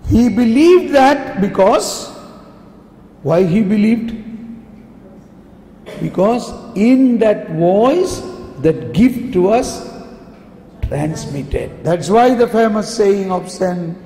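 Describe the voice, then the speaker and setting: A man preaching at a retreat, slow and emphatic, often asking his listeners yes or no. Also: high voice, big pitch swings, dark tone. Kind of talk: sermon. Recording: echoey hall, faint background noise.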